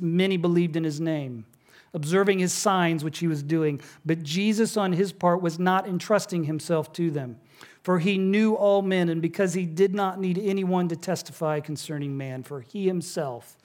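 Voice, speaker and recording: A middle-aged male pastor preaching a sermon, telling stories in a conversational way and dropping soft and low on key words.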